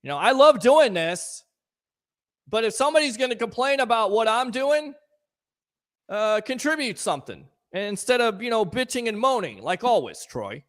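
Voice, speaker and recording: A man hosting a live call-in sports talk show, ranting in a fired-up, sarcastic way and shouting at times. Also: extremely high pitch, very animated, normal speed. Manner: sarcastic, scolding critics.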